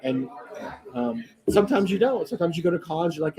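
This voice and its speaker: A man's voice: on the high side, animated, quick pace, crowd noise, poor audio. A man co-hosting a casual live podcast chat at a convention, rambling and joking with many restarts. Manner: rambling, restarts a lot, jokey. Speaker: podcast co-host.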